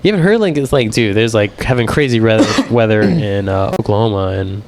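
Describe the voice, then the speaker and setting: Animated young man, casual podcast chat. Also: fairly quick, a little hiss or hum. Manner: animated, swearing, mimics people with pitched-up voices. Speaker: podcast co-host.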